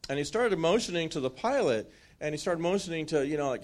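A man telling a wartime story in a sermon, with lively acted-out asides and frequent restarts. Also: fairly high pitch, fairly quick, few pauses.

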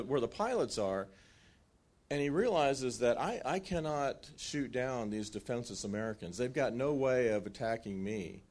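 Male preacher, mid-range voice, relaxed storyteller acting out the scenes. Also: medium pitch. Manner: animated storytelling with restarts and acted quotes. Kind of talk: sermon storytelling.

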